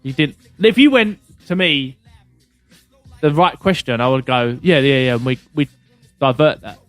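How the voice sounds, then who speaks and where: Guy on a podcast, bit high pitched, dry close sound, swears a lot. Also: expressive, unhurried, a bit bright, no room sound, soft background music. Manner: swears freely, acts out both sides of conversations. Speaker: podcast host. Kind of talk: casual chat.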